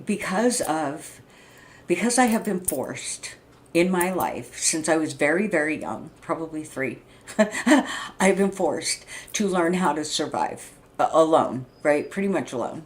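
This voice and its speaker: A woman in her sixties talking loudly in a rambling, casual monologue, often checking in with "right?" and "you know what I mean?". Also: low voice. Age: 60s. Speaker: vlogger.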